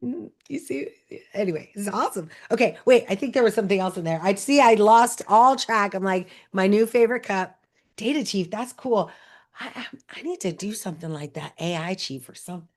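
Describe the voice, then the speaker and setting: Bubbly woman host chatting away while she opens gifts, mid pitch, lots of little asides. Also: expressive, fast. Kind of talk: casual chat while unboxing gifts.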